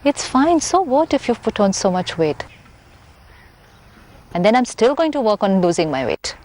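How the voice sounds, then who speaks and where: A woman, a spiritual teacher explaining her ideas calmly and patiently, repeating key points for emphasis. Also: medium pitch, moderate pace, a little hiss or hum. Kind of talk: calm explanatory talk.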